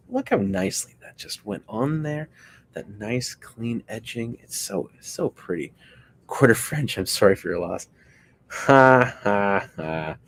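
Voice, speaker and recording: Low gravelly guy rambling and cracking jokes, answering chat while he works on a puppet. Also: slight background noise, poor audio. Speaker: puppet builder hosting a stream. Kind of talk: casual chat while crafting.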